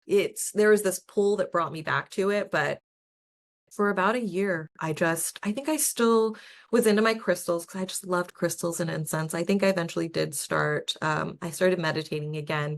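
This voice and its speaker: A woman's voice: on the low side, gravelly. A young adult woman hosting a podcast, telling her personal stories in a chatty, earnest way, often laughing and restarting her sentences. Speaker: podcast host. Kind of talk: casual personal storytelling.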